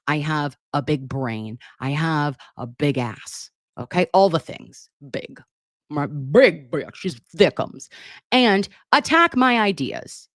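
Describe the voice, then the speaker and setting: A woman's voice: deep voice, no echo, studio quality. Brash, profane woman hosting a live chat. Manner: brash, profane, emphatic, affectionate with viewers. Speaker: livestream host reading chat. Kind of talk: casual livestream chat. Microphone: computer mic on a live stream.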